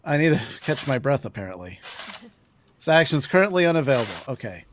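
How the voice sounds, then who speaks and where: A woman live streaming a game, excitable and swearing, laughing and yelling at what happens on screen. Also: very deep voice, fairly quick, slight background noise. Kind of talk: casual gameplay commentary.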